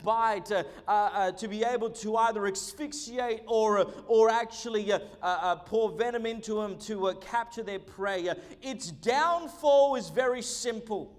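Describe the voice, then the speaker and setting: A man preaching a sermon, animated and joking, with many fillers. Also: high-pitched, normal speed, few pauses, big-room sound. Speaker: pastor.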